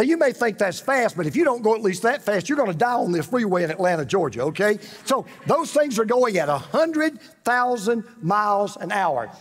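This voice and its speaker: A man preaching a sermon as pastor, animated and repetitive, with dramatic pauses. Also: sits high. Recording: reverberant hall.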